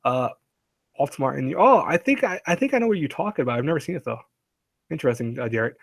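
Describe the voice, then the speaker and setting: A man's voice: mid-range voice, animated, fast talker, vocal fry, no echo, clean studio sound. A man hosting a casual live stream, rambling and chatty, laughing often and reading chat aloud.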